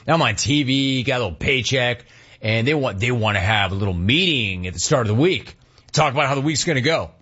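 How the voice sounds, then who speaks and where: A man hosting a talk radio show, telling animated stories and taking calls in a casual, joking way. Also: medium pitch, a little fast, breathy edge, highs cut off. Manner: animated storytelling, laughs at clips.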